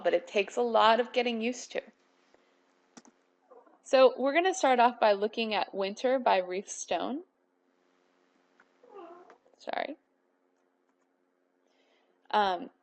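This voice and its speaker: A woman teaching a college poetry class in a recorded lecture. She halts often with fillers and restarts, then slows down to read lines of verse aloud. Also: mid-range voice. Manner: hesitant, many fillers and restarts; reads poem lines aloud slowly. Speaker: college English instructor.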